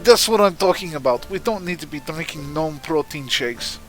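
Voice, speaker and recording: A man's voice: on the high side, lively intonation, moderate pace, faint music behind. A man playing a tabletop game, bantering in character in a playful way with hesitant restarts. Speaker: player.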